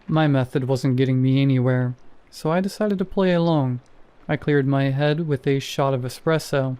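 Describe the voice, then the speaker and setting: A man tells a first-person horror story in a measured, scripted delivery. His voice is mellow and dark in tone, with a smooth, clear sound. His pitch sits in the middle. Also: dry recording. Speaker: narrator.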